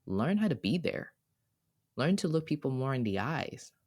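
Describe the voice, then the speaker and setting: A man's voice: mid-range voice, very animated, normal speed, a little mellow. A man co-hosting a podcast, talking in an earnest, heartfelt way, often restarting his sentences. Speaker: podcast co-host. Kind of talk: casual reflective podcast talk.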